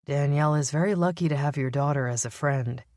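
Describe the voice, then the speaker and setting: A woman's voice: low-pitched, a little fast, a little mellow, no room sound, studio quality, natural voice. A woman reading an audiobook, voicing a guilty, earnest male vampire police captain who speaks politely and apologetically. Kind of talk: audiobook character voice.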